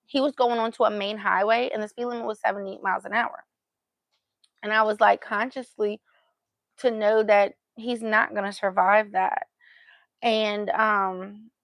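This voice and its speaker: A woman's voice: medium pitch, fairly bright tone, no room sound. A woman vlogger telling a story in a casual, chatty way and acting out what she said at the time. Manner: chatty, acts out her own past remarks.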